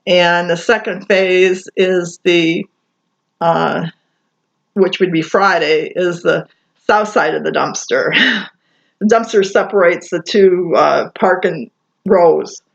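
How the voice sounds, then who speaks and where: A woman's voice: lowish voice, takes it slowly, creaky. A woman from Michigan talking alone in her apartment at night, rambling through many fillers and restarts. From Michigan, USA. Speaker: vlogger. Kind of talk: rambling casual monologue. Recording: muffled lo-fi home recording.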